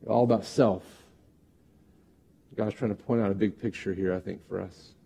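A man, a pastor with five kids, preaching a sermon, reading scripture aloud and stepping out of the text to explain it, getting louder and higher when he voices God's words and quieter for asides. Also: steady tone, moderate pace, creaky, husky. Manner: rising loudly when reading and voicing God, dropping soft for asides.

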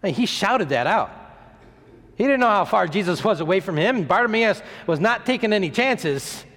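A man preaching a sermon, retelling a story in an animated way, acting out the voices, sometimes stumbling and repeating words. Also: high-pitched, normal speed. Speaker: pastor. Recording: long hall reverb.

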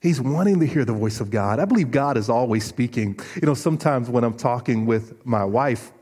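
A man preaching a sermon in a husky, slightly breathy voice. He talks in an animated, storytelling way, stumbling and restarting as he goes. His voice rings out with a long reverb, as in a large hall. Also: medium pitch, brisk. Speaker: pastor.

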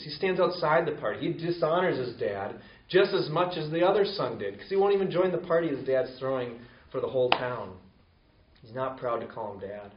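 Male pastor, conversational sermon, mid-pitched voice, distant echoey lo-fi recording. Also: brisk. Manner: conversational, acts out quoted voices with rising pitch. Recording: roomy, distant, dull lo-fi sound.

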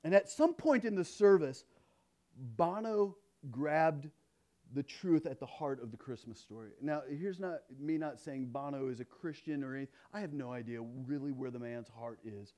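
A pastor preaching a sermon, swinging between loud emphasis and hushed intensity, and telling stories with playful quoted dialogue. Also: male voice, on the high side, normal speed.

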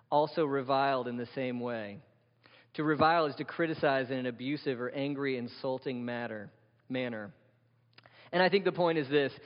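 Emphatic preacher in a reverberant hall. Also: male voice, mid-range voice. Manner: vivid, emphatic preaching with rhetorical questions. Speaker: pastor. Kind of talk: sermon. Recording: dull sound with long hall reverb.

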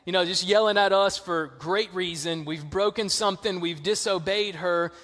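A man with a Southern US accent preaching a sermon, telling stories in a casual, lively way. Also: sits high, normal speed, long reverb tail. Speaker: pastor.

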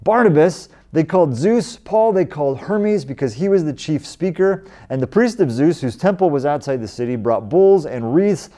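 A man's voice: fairly high pitch, lively intonation, moderate pace, hardly any pauses, warm tone. A man in his forties from the United States preaching a sermon in a conversational way, lifting his voice when he quotes scripture. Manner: conversational, rising with emphasis when quoting scripture. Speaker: pastor.

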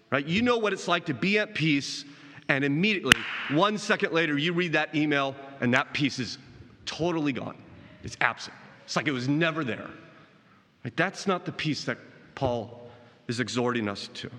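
A man's voice: on the high side, pushed and bright, big-room sound. A man preaching a sermon as pastor, earnest, swinging his voice up and down and asking his listeners rhetorical questions.

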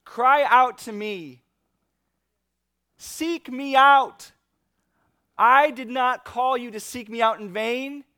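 A man voicing Jesus as a gentle savior who speaks to the listener with tenderness and pleading. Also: medium pitch, natural voice. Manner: tender, pleading, drawn-out delivery.

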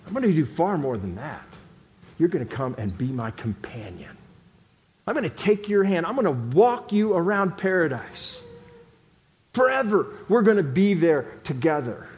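A man speaking as Jesus, gentle and promising. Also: on the high side, big pitch swings, moderate pace. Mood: tender. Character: Jesus, a calm, kind man comforting the thief. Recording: long hall reverb.

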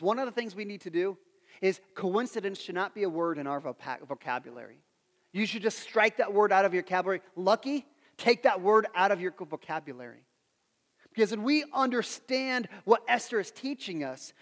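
A man preaching a sermon as pastor, animated and acting out the story's characters in quick voices. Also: high-pitched, long reverb tail.

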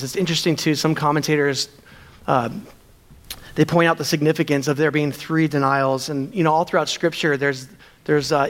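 Male pastor with a high voice, preaching earnestly with rhetorical questions. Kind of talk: sermon.

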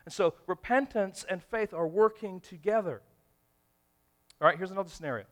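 A man preaching a sermon in a church, animated and acting out everyday scenarios in different voices. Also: high voice, normal speed. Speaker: pastor.

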